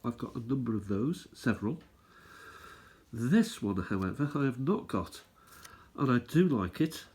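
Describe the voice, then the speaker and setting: Husky man chatting casually. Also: medium pitch, big pitch swings, a little slow, darkish tone. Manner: rambling, thinks aloud, easygoing. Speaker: stamp collecting channel host. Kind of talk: casual show-and-tell chat.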